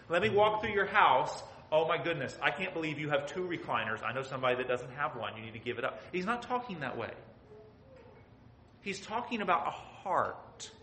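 Man, preacher, sermon, shifts from hushed to loud, slightly high voice. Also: reverberant, slight background noise, rough recording. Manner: dynamic, swings from soft to loud, acts out quotes. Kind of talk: expository sermon.

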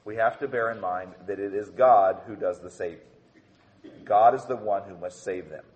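A man's voice: on the low side, normal speed, muffled recording. A man preaching a sermon in an earnest teaching manner, often repeating words as he builds a point and checking in with "okay". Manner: often says "okay" as a signpost.

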